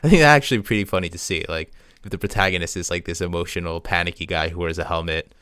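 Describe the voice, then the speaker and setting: A young man chatting casually on a podcast, relaxed and conversational. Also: low voice, quick pace, smooth, no room sound, clean studio sound. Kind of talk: casual chat.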